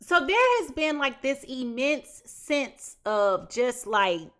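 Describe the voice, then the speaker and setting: A woman's voice: sits high, sing-song, slow, a bit bright. A woman giving a casual tarot reading to viewers, emphatic and chatty, stacking repeated phrases and restarting often. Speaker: tarot reader.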